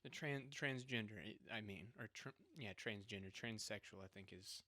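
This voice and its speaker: A man's voice: fairly low pitch, moderate pace, sharp tone, no echo. A young man with a mocking tone, co-hosting a casual podcast chat and laughing often. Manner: mocking, laughs often, breaks into put-on voices. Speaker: podcast co-host.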